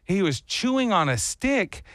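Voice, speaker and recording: A man's voice: high-pitched, very animated, measured pace, fairly bright tone, dry recording, clean studio sound. A young man co-hosting a morning radio show, animatedly telling a story and acting out sounds and voices.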